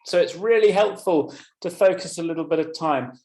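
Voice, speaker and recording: A man's voice: a little high, a little fast, a little mellow, echoey room. A man presenting a teaching webinar, explaining at length and addressing attendees by name. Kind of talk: webinar lecture.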